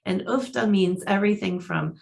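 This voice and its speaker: A woman's voice: mid-range voice, normal speed, gravelly. A woman from South Dakota hosting a casual online interview, upbeat and encouraging. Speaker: host.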